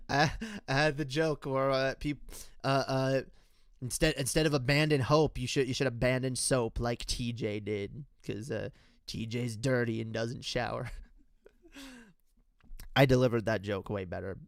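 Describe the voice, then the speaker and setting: A man's voice: medium pitch, fairly even intonation, moderate pace, no echo, studio quality. A young man giving an unscripted, rambling commentary rant, heated and profane, addressing his viewers directly. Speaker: political commentator.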